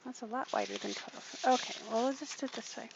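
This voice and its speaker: Woman host, gravelly chatty voice, talking through a craft project at her desk; muffled lo-fi sound with background noise. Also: a little high, quick pace. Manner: chatty, thinking aloud while working. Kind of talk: casual craft tutorial. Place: home craft room at a desk.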